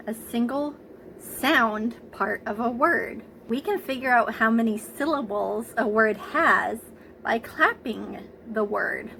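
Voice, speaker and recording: A woman teaching a preschool class, speaking gently and encouragingly, stretching out words for the children to clap along. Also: on the high side, a little hiss or hum, rough recording. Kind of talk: slow, sing-song lesson for young children.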